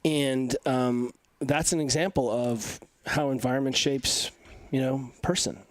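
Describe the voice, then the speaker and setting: A man's voice: medium pitch, measured pace, dry recording. Stuffy-nosed guy in his 40s rambling hard on a podcast, lots of restarts, dry close mic. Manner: energetic, emphatic, rambling with many restarts. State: stuffy from allergies. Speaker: podcast guest, coach and physical therapist. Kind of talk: casual interview talk.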